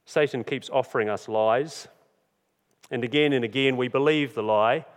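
A man preaching a sermon in an earnest, emphatic way, reading scripture and slowing down on key phrases. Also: mid-range voice. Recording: long hall reverb.

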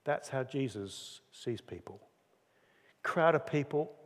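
A man's voice: mid-range voice, expressive, takes it slowly. A man preaching a sermon in an earnest, conversational way, acting out quotes as he goes. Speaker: pastor. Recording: long hall reverb.

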